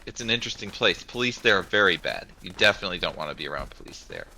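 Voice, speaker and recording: A man's voice: low-pitched, lively intonation, very fast, gravelly, pushed and bright, a little hiss or hum, rough recording. A man chatting casually on a stream, blunt and matter-of-fact, swearing freely. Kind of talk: casual chat.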